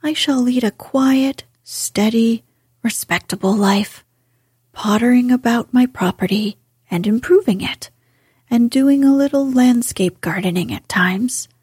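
A woman voicing a boastful but repentant male toad in a soft, breathy whisper. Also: on the high side, unhurried, dry recording, clean studio sound. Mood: humble.

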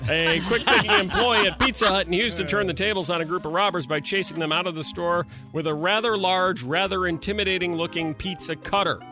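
A playful man runs a morning radio show, quizzing and teasing his co-hosts. His voice is fairly high for a man and very bright, and it comes from a studio mic. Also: fairly quick, few pauses, soft background music. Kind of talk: casual morning radio banter.

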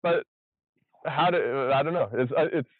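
A man's voice: on the high side, measured pace, dry recording. Man on a tinny, phone-like line. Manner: rambling, restarts often, excited retelling. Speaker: podcast guest, survival show contestant. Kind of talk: casual podcast chat.

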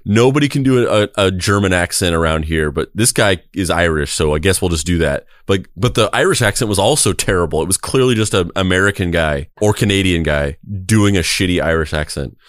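A man's voice: sits low, animated, a little fast, hardly any pauses, dry recording, clean studio sound. A man co-hosting a podcast in casual chat, rambling and heavy on fillers. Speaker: podcast co-host.

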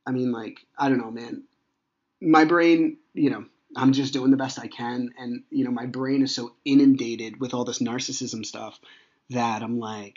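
Male podcast host, 30s, husky, rambling casual monologue, dull lo-fi sound. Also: mid-range voice, measured pace. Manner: rambling, conversational, many fillers.

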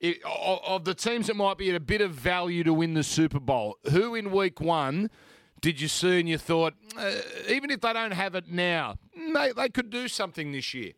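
A man's voice: sits high, animated, normal speed, a bit bright, dry recording, clean studio sound. A man with an Australian accent hosting a sports betting podcast in casual, jokey banter, restarting his sentences.

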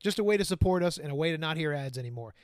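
A man's voice: fairly high pitch, animated, rapid-fire, no echo, studio quality. A man co-hosting a casual podcast, joking and teasing, swearing freely. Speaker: podcast co-host. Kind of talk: casual chat.

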